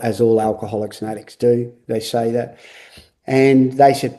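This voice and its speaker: A middle-aged man gives a candid interview about his own life. His voice is mellow and dark, earnest and a little halting, with words often repeated. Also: medium pitch, steady tone. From Australia. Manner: earnest, repetitive, halting restarts. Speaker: guest.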